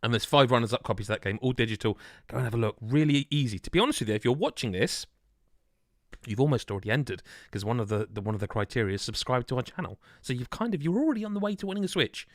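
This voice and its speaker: A man in his thirties hosting a podcast, loud, rambling and jokey. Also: medium pitch, expressive, fast talker, dry recording, clean studio sound. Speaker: podcast host. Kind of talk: casual chat.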